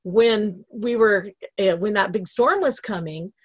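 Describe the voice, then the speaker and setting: A woman's voice: medium pitch, unhurried, dry recording. A middle-aged woman giving a personal motivational talk, telling her story with emotion and laughter. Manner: emotional, laughing, animated retelling. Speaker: motivational speaker. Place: lives in a travel trailer in Idaho.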